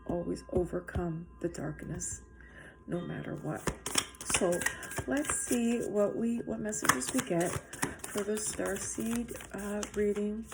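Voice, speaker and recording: Slow, earnest woman giving a tarot reading. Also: mid-range voice, vocal fry. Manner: slow, halting, with many fillers and restarts; earnest and encouraging, addressing viewers directly. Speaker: tarot reader.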